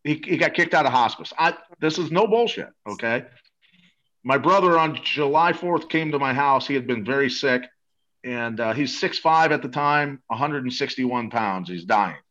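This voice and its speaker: A man's voice: medium pitch, expressive, moderate pace, fairly bright tone. Eager rambling man on dull audio. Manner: eager, rambling, salesy, many restarts. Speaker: guest promoting a supplement. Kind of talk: casual interview talk.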